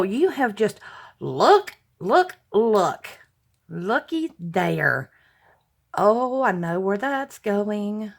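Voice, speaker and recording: A woman chatting casually as she unboxes craft mail, gushing and exclaiming over each item. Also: medium pitch. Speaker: craft vlogger opening mail.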